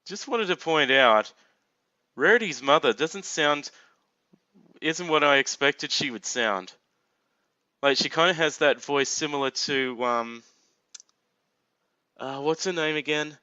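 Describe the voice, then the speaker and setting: A man's voice: fairly high pitch, takes it slowly, pauses often, bright, forceful tone, clear, resonant tone, no echo, highs cut off. A man giving casual blind reaction commentary on a cartoon, joking, laughing often and dropping crude asides.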